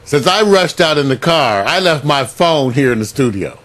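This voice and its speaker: A man hosting a community radio show, telling stories in animated casual chat and laughing often. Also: a little high, normal speed. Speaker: radio host.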